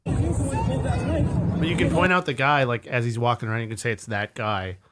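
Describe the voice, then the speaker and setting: A man's voice: mid-range voice, expressive, moderate pace, loud music behind the voice, over a noisy crowd. A man co-hosting a casual podcast, bantering with swearing and laughter. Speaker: podcast co-host. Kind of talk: casual chat.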